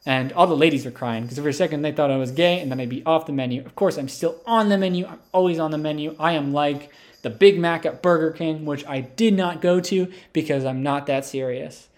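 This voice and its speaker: A man's voice: a little high, a little fast. Rambling comic storyteller man. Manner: rambling, filler-heavy, absurd. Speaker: comedian. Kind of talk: comedic storytelling.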